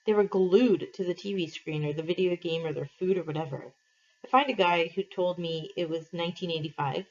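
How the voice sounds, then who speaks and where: A woman teacher with a lowish voice reads a novel aloud to her class, expressive and measured. The recording sounds dull and lo-fi.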